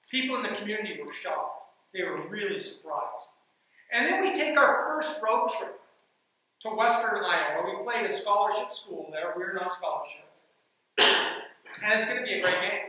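A man who coaches basketball, telling a team story as an animated speech. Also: high-pitched, moderate pace. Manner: animated, builds suspense in anecdotes. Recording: echoey room, mic from far off.

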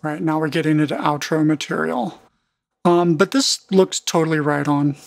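A man's voice: on the high side, steady tone, normal speed, gravelly, dry recording. A man giving a casual, explanatory music production tutorial, talking through a screen recording and thinking aloud as he goes.

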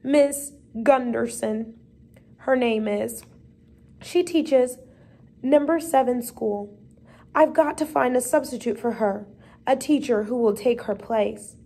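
A woman's voice: a little high, slow pace, gravelly, dark tone, breathy edge, heavily acted. A woman voicing a tall, mild and worried man who is a school superintendent, in a storybook read-aloud. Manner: mild and fretful.

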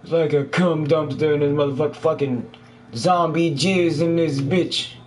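A man's voice: a little high, fairly even intonation, normal speed. A man giving crude, jokey running commentary while he plays a horror game, cursing at everything he meets. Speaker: gamer. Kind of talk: profane let's play commentary. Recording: faint background noise.

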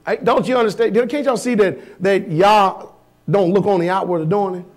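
A man's voice: high voice, moderate pace. A man preaching a sermon as pastor, firing blunt rhetorical questions at his congregation in a folksy, emphatic way.

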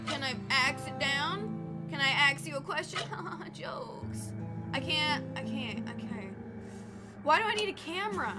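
Woman, high voice, let's play commentary, excitable, talks back to the game. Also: measured pace. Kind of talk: casual gameplay commentary. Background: game music.

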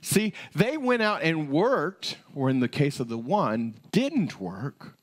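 A male pastor preaching in a relaxed, conversational way. His voice swings widely up and down as he tells a story. It sits a touch higher than most men's. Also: slow. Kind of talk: sermon.

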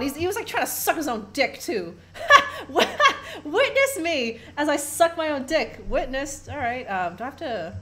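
A woman's voice: on the high side, slight background noise. A young woman giving casual, profane, jokey commentary while playing a horror game, reading in-game notes aloud with sarcastic asides.

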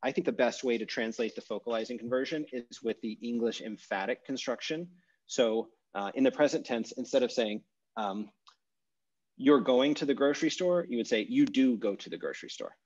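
A man teaching an online language class, thinking aloud with many pauses and self-corrections. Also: mid-range voice, a little mellow, muffled recording. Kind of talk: explaining grammar in a live online class. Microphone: video call.

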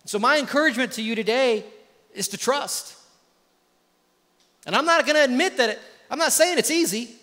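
A man preaching a sermon as a pastor, earnest, moving between hushed and emphatic delivery. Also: high voice, big-room sound. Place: church sanctuary.

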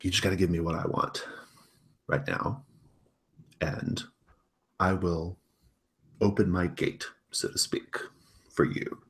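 A man running a tabletop role-playing game, narrating scenes in a loose, casual way. His speech is full of "like" and "kind of". His voice sits very low. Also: flat delivery, slow pace, long pauses, fairly bright tone. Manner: casual, filler-heavy, laughs a lot. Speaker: game master.

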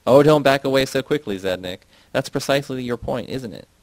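A man's voice: mid-range voice, brisk, no echo, voice pushed up, natural voice, low-quality recording. A man reading the part of a defiant young woman worker who needles her friend with pointed questions. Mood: challenging.

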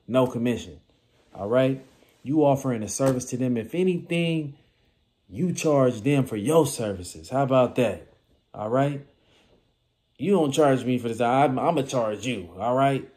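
Man, californian accent, mellow dark voice, animated casual advice, acts out quick scenes. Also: mid-range voice. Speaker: vending machine business vlogger.

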